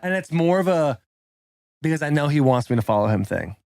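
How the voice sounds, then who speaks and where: Man, podcast co-host, rapid speech, dry close sound, joking banter, rambling. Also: on the high side, lively intonation, vocal fry, darkish tone, no room sound. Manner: joking, rambling, does impressions.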